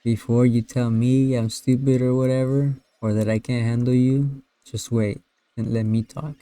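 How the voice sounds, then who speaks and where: A man's voice: mid-range voice, little pitch movement, moderate pace, dark tone, clear, resonant tone, no echo, close to an everyday voice. Earnest suitor confessing feelings, as a man reads it out. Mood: tender. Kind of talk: reading a text chat log aloud.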